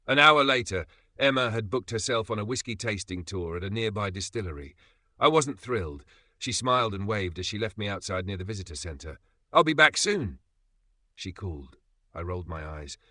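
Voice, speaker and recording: A man narrating a storybook tale in the voice of a sarcastic cat, dry and deadpan. His voice sits fairly low yet sounds bright and sharp. The recording is close and dry with no room sound. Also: dry recording.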